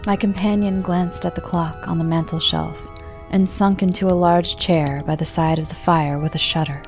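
A woman narrating a classic ghost story in a measured, dark way, dropping into whispers for suspense. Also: fairly low pitch, fairly even intonation, faint music behind.

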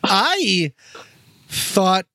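A man's voice: high voice, sing-song, extremely slow, very noisy. A man co-hosting a casual movie podcast, chatty and self-deprecating, laughing often. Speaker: podcast co-host. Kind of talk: casual chat.

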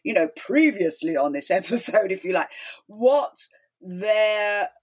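Animated breathy middle-aged woman. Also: medium pitch, a little slow. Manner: animated, emphatic, acts out quotes. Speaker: guest, talk show host. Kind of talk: storytelling interview chat.

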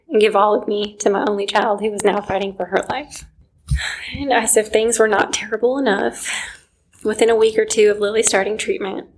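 A woman's voice: mid-range voice, rough recording. Woman, thirties, earnest personal testimony, drops to near whispers, faint background hiss. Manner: earnest, emotional, quiet moments near a whisper. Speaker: mother telling her story.

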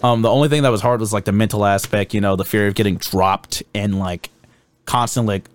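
A man's voice: on the low side, steady tone, fairly quick. Young man swearing through boot camp stories. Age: young adult. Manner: swears constantly, laughs and acts out drill instructors. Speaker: podcast guest telling boot camp stories. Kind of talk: casual podcast chat.

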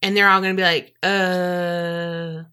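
Woman co-host, unhurried, animated chat, swears a lot, acts out quotes. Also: on the high side. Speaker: podcast co-host. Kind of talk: casual true crime chat.

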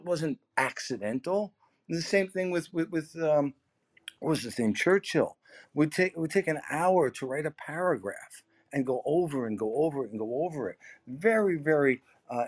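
A middle-aged man with a fairly high voice talks sales on a podcast. He speaks emphatically, stumbling over and repeating words. His voice swings up and down as he drives his points home. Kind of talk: animated conversational podcast talk.

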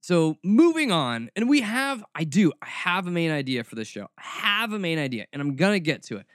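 A man with a somewhat high voice hosts a casual commentary podcast, full of sarcasm and mock drama. His delivery is snarky and playful, and it sounds dry and close, with no room echo. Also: big pitch swings, fairly quick, a bit bright. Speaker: podcast host.

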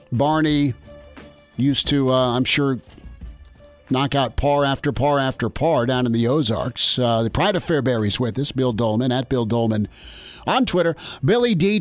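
A man hosting a sports talk radio show, chatty and upbeat, moving between ad reads and questions for a guest. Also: mid-range voice.

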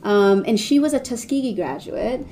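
Mellow-voiced woman telling stories in a chatty way. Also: a little high, lively intonation, normal speed. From Washington, D.C., United States. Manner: chatty, rambling, with frequent fillers and restarts; acts out quoted voices of others. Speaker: veterinary oncologist guest. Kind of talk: casual interview storytelling.

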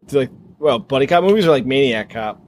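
A man co-hosting a podcast in casual chat, relaxed and laid-back as he chimes in. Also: mid-range voice, fairly quick. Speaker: podcast co-host.

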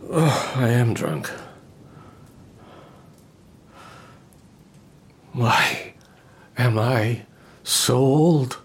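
Drunk middle-aged estate manager, gravelly, slow, self-pitying, melancholy stage drama. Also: male voice, medium pitch, lively intonation, full character voice. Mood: wistful. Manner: rambling, melancholy, pleading.

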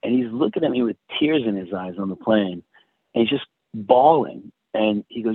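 A man telling a personal story in casual chat, halting and restarting often. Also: lowish voice, animated, no echo. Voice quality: husky, halting with many restarts. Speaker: guest. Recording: tinny phone-like sound.

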